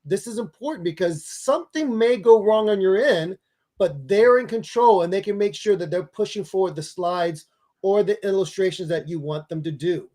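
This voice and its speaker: High-voiced energetic man giving speaking tips. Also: normal speed. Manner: energetic, emphatic coaching delivery. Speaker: public speaking expert and author. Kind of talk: giving advice in an interview.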